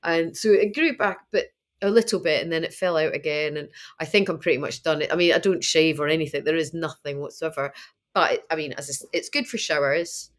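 A Scottish woman in her fifties chats as an interview guest, laughing often and acting out quoted voices in casual conversation. Her voice is low and a little fast.

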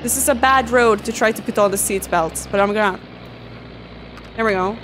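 A woman's voice: mid-range voice, normal speed, background noise. A woman streamer giving casual let's-play commentary, chatty and playfully dramatic, talking to the game and to herself. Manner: playfully dramatic, exclaims and laughs often.

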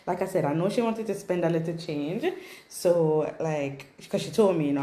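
A woman's voice: lowish voice, moderate pace, warm tone. A woman with a Jamaican accent chatting casually for a storytime vlog. She rambles along with asides and fillers. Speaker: vlogger. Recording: roomy echo.

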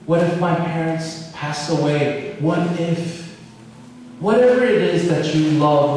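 A man's voice: medium pitch, darkish tone, slight background noise. A male pastor preaching a sermon, pleading with earnest questions to his listeners. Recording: echoey hall from far off.

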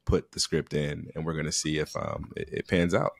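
A man with an extremely low, deep voice talks casually as a podcast co-host. He speaks in a halting way, full of restarts and fillers. His phrasing is loose and slangy. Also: vocal fry. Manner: relaxed slangy talk.

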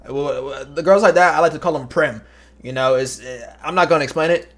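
A man's voice: fairly high pitch, fairly quick. A young man streaming, chatting casually in slang with joking, muttered asides to his chat. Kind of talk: casual livestream commentary.

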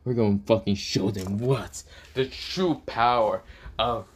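A man's voice: lowish voice, a little slow, breathy edge. A man voicing a crude, bloodthirsty dragon spirit living in a gauntlet, eager for a fight.

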